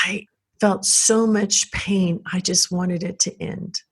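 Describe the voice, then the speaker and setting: A woman from South Texas speaks as an interview guest, earnest and reflective as she recounts her own life. Her voice sits a little low for a woman, and her telling is emotional and unhurried. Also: steady tone, husky. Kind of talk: personal storytelling.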